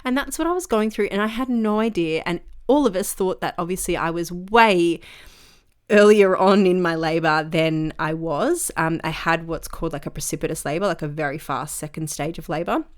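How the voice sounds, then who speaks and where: Chatty woman, lowish voice. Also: normal speed. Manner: chatty, many fillers like "like" and "um". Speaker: podcast host. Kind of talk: casual solo podcast storytelling.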